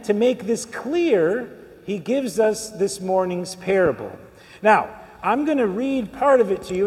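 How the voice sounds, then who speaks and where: A man's voice: sits high, darkish tone, long reverb tail. A man giving a conversational sermon to his congregation, asking them questions as he goes. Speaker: priest. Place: church.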